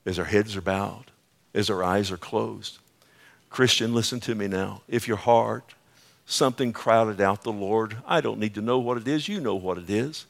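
A middle-aged man preaching a sermon with an altar call, swinging between booming quoted scripture and hushed, whispered pleading. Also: normal speed, creaky. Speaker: pastor. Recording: faint music underneath.

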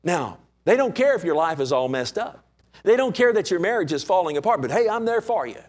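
A man preaching a sermon as pastor, animated and conversational, with many rhetorical questions. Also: sits high, a little fast.

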